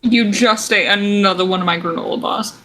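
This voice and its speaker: Woman player, bright voice, chatty game-table talk. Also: medium pitch, fairly quick, poor audio. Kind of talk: casual tabletop game play.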